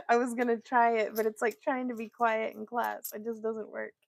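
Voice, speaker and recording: A woman's voice: on the high side, measured pace, gravelly, dry recording. A woman hosting a craft live stream, chatting and laughing with her viewers while she demonstrates her weaving work. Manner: chatty, giggly, talks to chat viewers.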